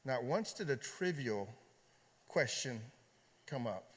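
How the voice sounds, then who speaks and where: A man preaching as a pastor, telling a personal story in a conversational, halting way with many fillers and repeated words. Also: mid-range voice, very animated. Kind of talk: sermon storytelling. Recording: long hall reverb.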